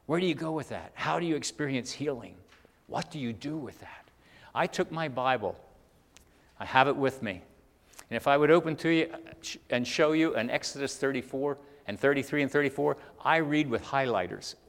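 Man, pastor, sermon, mid-pitched voice, loud climaxes and hushed asides, long church-hall echo. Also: normal speed. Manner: preacher who swings from loud, climbing emphasis to quiet and intimate.

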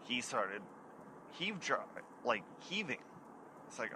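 A chatty man hosts his own show and spins a casual yarn about his own misadventures. His voice is bright and forward, and a faint hiss sits under it. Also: mid-range voice, big pitch swings, slow pace, poor audio. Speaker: podcast host. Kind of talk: casual storytelling.

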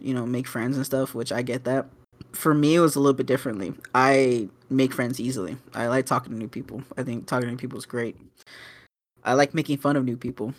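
A young man co-hosting a casual podcast, rambling with lots of fillers, restarts and swearing. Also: medium pitch. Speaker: podcast co-host. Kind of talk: casual chat.

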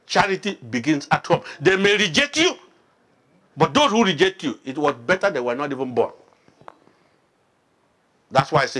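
A man's voice: a little high, animated, moderate pace, pauses often, fairly bright tone. A pastor from Nigeria, teaching an interactive sermon and quizzing his congregation with frequent questions. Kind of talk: interactive sermon, Bible study.

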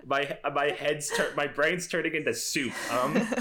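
A person playing in a tabletop role-playing game, laughing often and breaking off mid-sentence. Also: female voice, low-pitched, a bit bright. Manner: laughing, self-interrupting, slow. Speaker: player. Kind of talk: tabletop role-play chat.

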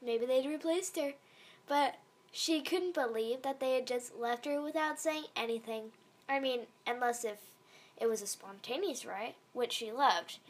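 Woman storyteller, high and slow, meandering fan story reading, casual asides. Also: a bit bright. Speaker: fan fiction reader.

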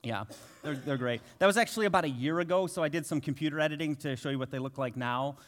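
A man's voice: a little high, quick pace, background noise. Joking man preaching a casual sermon. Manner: joking, self-deprecating storyteller. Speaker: guest preacher. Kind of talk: conversational sermon.

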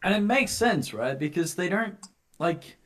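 A young man co-hosts a livestream in relaxed, casual chat, mostly offering brief replies. His voice sounds bright and clear. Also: high-pitched, measured pace. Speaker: livestream co-host.

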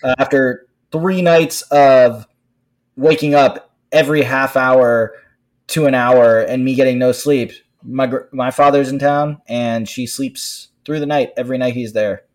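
A man's voice: medium pitch, steady tone, measured pace. A man co-hosts a casual podcast about parenting. He tells stories animatedly and laughs as he goes. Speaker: podcast co-host. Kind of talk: casual chat.

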